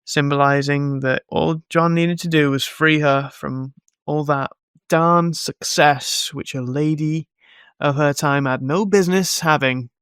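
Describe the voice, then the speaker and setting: A man hosting a film podcast, recapping a movie with sarcastic, animated asides, frequent laughter and casual swearing. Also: a little high, unhurried, clean tone, no echo, studio quality. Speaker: podcast host reviewing a film. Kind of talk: casual chat.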